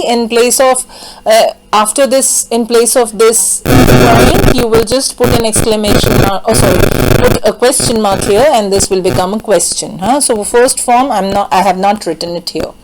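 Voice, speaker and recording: A woman's voice: a little high, moderate pace, heavy background noise. A woman hosting a French grammar lesson, explaining patiently and repeating each example sentence. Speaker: French teacher.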